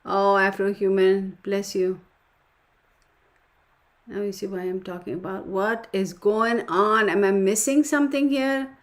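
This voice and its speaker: A woman's voice: medium pitch, steady tone, measured pace. Chatty woman hosting a live stream. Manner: reads comments aloud, laughs often, exclaims in surprise. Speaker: live stream host reading viewer chat. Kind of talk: casual live stream chat.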